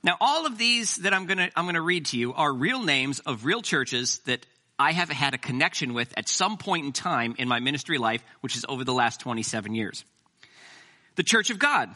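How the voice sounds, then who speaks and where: Man, middle-aged pastor, sermon, high voice, joking asides. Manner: animated, joking asides to the congregation.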